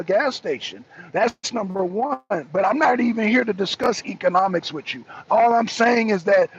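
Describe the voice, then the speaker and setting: Excitable, gravelly high-voiced male host. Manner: excitable, argumentative, keeps pressing the same question. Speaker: talk show host. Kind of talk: heated political talk. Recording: dull lo-fi recording.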